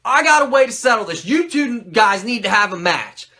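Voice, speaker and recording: A man putting on a brash, cocky male wrestler, talking loud, high and pushy. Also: animated, moderate pace, heavily acted.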